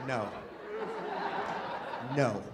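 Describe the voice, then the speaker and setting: A man's voice: drawn-out words, over a noisy crowd, heavy background noise. A man performing a stand-up comedy set, chatty and self-deprecating, rambling with restarts. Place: comedy venue, live audience. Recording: live venue with audience laughter.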